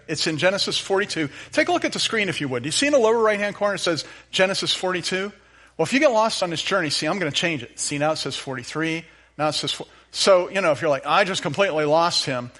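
Male pastor, fairly high voice, animated storytelling sermon. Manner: lively storytelling, acts out Bible dialogue.

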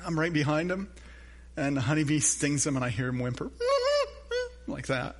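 A man's voice: fairly high pitch, fairly quick. An older man, a grandfather and pastor, preaching a sermon in an earnest, conversational way with personal stories.

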